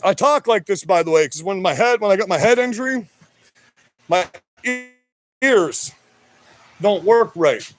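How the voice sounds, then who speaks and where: A man livestreaming from his work shed on a phone, talking loud, rambling and profane, wired on energy drinks, so that he always sounds like he is yelling. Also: sits high, expressive, unhurried, long pauses. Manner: loud, rambling and profane, with many "you know"s. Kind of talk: livestream rant.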